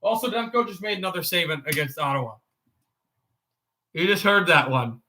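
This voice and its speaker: A man hosting a casual hockey livestream who rambles, interrupts himself and breaks into shouted play-by-play calls. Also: a little high, animated, normal speed, reverberant. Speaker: livestream host. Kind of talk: casual hockey watch-along chat.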